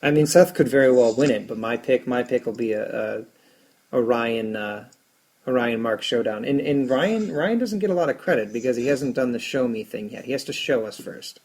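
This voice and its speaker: A man's voice: medium pitch, animated, moderate pace, darkish tone, breathy edge. A man co-hosting a podcast about fantasy baseball, rambling in casual chat and making fun of himself. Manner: self-deprecating, rambling with restarts.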